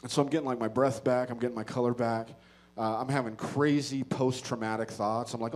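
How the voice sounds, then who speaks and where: A man doing stand-up, telling a story with profane, animated delivery that swings between loud outbursts and low muttered asides. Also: brisk, slight background noise. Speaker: stand-up comedian. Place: comedy stage before a live audience.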